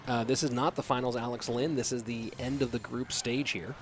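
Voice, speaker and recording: An American man calls a mobile esports match on his own, keeping his voice low and quiet. He thinks aloud and asks himself questions in a loose, casual way. Faint music plays under his voice. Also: fairly even intonation, a little fast. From USA. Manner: quiet, subdued delivery to keep from waking a child. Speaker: esports caster. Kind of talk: solo esports commentary with chat reading.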